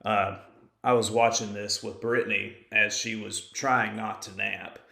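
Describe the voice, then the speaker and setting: Low gravelly man in an echoey room. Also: level tone, unhurried, bright, forceful tone. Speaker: podcast co-host. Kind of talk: casual movie podcast chat.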